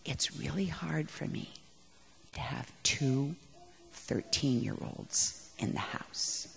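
A woman voicing a weary husband speaking softly and slowly to his wife. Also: very deep voice, gravelly, pitched below the performer's own voice, exaggerated voice. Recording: echoey hall.

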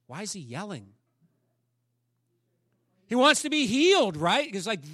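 Animated male pastor preaching, dry close sound. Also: high-pitched, a little slow, long pauses, no room sound. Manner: animated storytelling with asides to the congregation. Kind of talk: sermon.

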